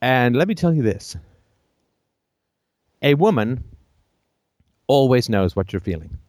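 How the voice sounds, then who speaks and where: A man's voice: mid-range voice, big pitch swings, takes it slowly, darkish tone, no room sound, studio quality. A man hosting a call-in show, giving blunt, emphatic advice full of profanity and jokey asides.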